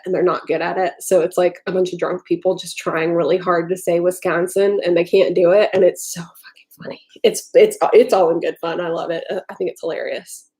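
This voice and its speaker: A woman's voice: on the low side, a little mellow. A woman from Tennessee chatting casually on a live stream from her home kitchen, rambling and swearing freely with lots of filler words. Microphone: desktop computer mic.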